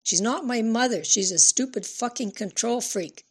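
A woman reading an audiobook voices a defiant, foul-mouthed teenage girl who yells and sneers. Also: fairly high pitch, normal speed, husky, pitched above the performer's own voice. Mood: furious. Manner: yelling, cursing, sarcastic.

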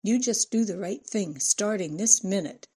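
A woman's voice: mid-range voice, normal speed, mellow, breathy edge, natural voice. A woman narrator voicing an indignant, theatrical woman who makes biting accusations.

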